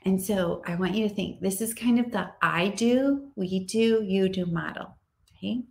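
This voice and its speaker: A woman teacher giving a casual, upbeat training talk to other teachers, chatty and lively. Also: mid-range voice, moderate pace, gravelly. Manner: upbeat, chatty, acts out classroom dialogue.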